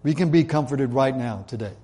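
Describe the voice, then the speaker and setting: A man preaching a sermon in an earnest way, slowing down and dropping his voice to stress key points. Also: medium pitch, dark tone. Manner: earnest, slows and drops his voice for emphasis. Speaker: pastor.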